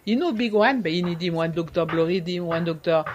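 A man talks in a casual interview, slipping in French words and pausing to find the right ones. His voice sits high, and a faint noise hums behind him. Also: highs cut off. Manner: searching for words, many fillers. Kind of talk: casual conversation.

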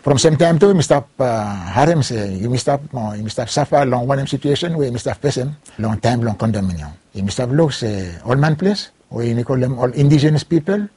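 A man with a Ni-Vanuatu Bislama accent recounting his life story in an interview, halting and slipping between Bislama, English and French. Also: mid-range voice, animated, warm tone, breathy edge, no room sound.

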